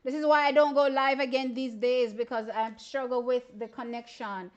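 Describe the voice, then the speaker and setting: High-voiced woman hosting a livestream. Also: normal speed, clean tone, muffled recording. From Jamaica. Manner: animated, exclamatory, often says "child". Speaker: livestream host. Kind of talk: casual live-stream sports commentary.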